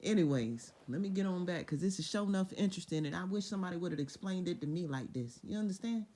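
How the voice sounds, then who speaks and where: A woman's voice: on the low side, fast talker. Woman retelling scripture with profane humor. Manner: profane, laughing, animated retelling. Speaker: vlogger retelling Bible stories. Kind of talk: casual storytelling with voiced quotes.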